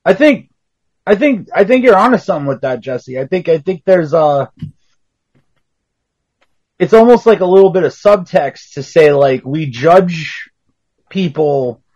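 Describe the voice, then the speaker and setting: A man's voice: a little high, expressive, a little slow, pauses often, darkish tone. A man co-hosting a podcast who talks bluntly and swears freely in casual chat. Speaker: podcast co-host.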